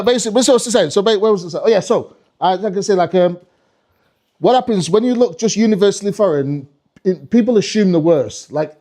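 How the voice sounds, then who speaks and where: A man's voice: sits high, dark tone. A man doing a live stand-up routine on a comedy club stage, rambling, swearing and talking to the crowd.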